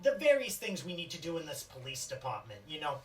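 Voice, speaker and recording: A game master voicing a brash, gushing woman who hosts a police gala, loud and crude with swearing. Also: mid-range voice, sing-song, fast talker, lightly acted. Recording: distant mic with faint music.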